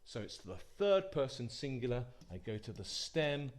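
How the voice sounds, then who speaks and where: A man's voice: medium pitch, big pitch swings, normal speed. A man teaching a Latin lesson, patient and repetitive, inviting listeners to say the forms aloud with him. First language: English. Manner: patient, repeats phrases for pupils to say aloud. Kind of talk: classroom-style lesson.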